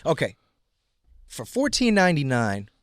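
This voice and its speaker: A man as a podcast guest, telling animated stories with lots of swearing and acted-out quotes. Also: fairly high pitch, unhurried, no room sound, clean studio sound. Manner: animated storyteller, heavy swearing, acts out quotes. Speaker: guest rapper. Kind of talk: casual interview chat.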